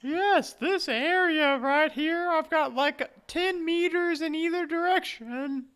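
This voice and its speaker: A game master voicing the timid ghost of a murdered young woman in a tabletop game, with a high, wavering, drawn-out wail. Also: fairly bright tone, heavily acted. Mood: timid, ghostly.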